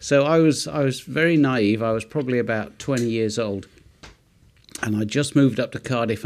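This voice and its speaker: A man from Wales, a podcast co-host telling a self-mocking anecdote in casual chat, getting animated as the story builds. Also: medium pitch.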